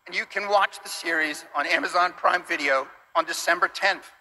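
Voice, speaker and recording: A man's voice: sits high, moderate pace, sharp tone, a little hiss or hum, rough recording. Emotional man presenting on stage. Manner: emotional, earnest, tearful. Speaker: studio co-founder presenting a series. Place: large event stage.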